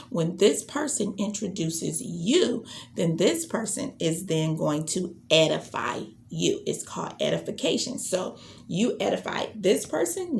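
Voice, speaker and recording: A woman leads a business launch training, her voice low and heavily gravelly. She talks with lively swings in pitch and acts out sample greetings along the way. A faint hiss sits under the recording.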